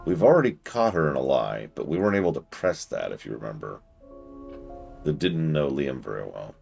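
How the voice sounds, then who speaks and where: Chatty male streamer, bass-deep with a lively swing; talks through the game and answers viewers. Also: fairly quick, creaky, faint music behind. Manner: thinks aloud, chatty, answers chat. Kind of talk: casual gameplay commentary.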